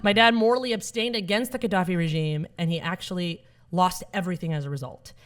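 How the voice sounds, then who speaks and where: A woman's voice: on the low side, quick pace. A woman in her thirties with an American accent that sounds like Connecticut, whose first language is Arabic, telling a comic personal story to a live audience with a playful, self-mocking delivery and frequent laughter at her own jokes. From United States (Alabama). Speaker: storyteller on stage. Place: event stage with live audience. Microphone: handheld microphone.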